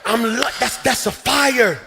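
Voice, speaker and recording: A man preaching a sermon as pastor in a church, shouting and swinging into sing-song runs. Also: very high voice, a little slow, gravelly, slightly rough. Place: church sanctuary.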